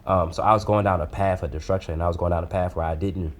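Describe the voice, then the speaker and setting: A man in his twenties, a guest in an interview, talking earnestly and casually with relaxed dialect grammar and easy laughter. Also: low voice, fast talker. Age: 20s. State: choked up at times. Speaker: guest, food reviewer.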